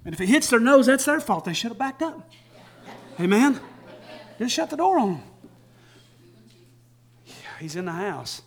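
A man preaching a sermon, folksy and laughing often, swinging from shouts to hushed tones and acting out quotes. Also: very high-pitched, big pitch swings, moderate pace, pauses often.

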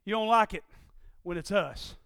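Preacher guy, high clear voice, goes from quiet talk to full-on shouting, folksy ain't and y'all, dry close mic. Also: normal speed, dry recording. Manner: swings from low conversational asides to shouted, impassioned climaxes. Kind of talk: sermon.

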